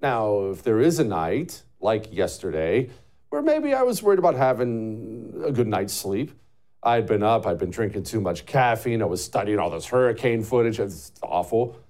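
A man hosting a political talk show, lively and mocking, laughing often. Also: lowish voice, moderate pace.

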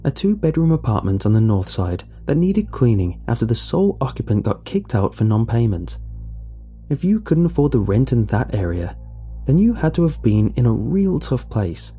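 Man narrating a horror story, husky tone. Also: mid-range voice, sing-song, normal speed, warm tone. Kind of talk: first-person creepypasta narration. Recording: faint music underneath.

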